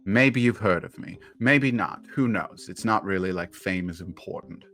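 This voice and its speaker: A man's voice: deep voice, moderate pace, a bit bright. A man doing a haughty elven scholar woman. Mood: dismissive. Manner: condescending, sarcastic.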